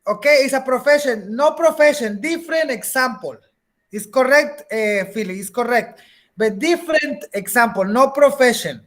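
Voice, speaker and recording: A woman's voice: on the high side, lively intonation, normal speed. A woman teaching a beginner English class, patiently repeating words, checking that students follow, and slipping into Spanish now and then.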